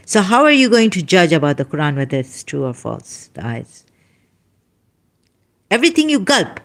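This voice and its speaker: A woman's voice: on the low side, sing-song, moderate pace. A woman in pain giving an emphatic, rambling lecture, scolding her listeners. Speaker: religious critic. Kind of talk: lecturing monologue.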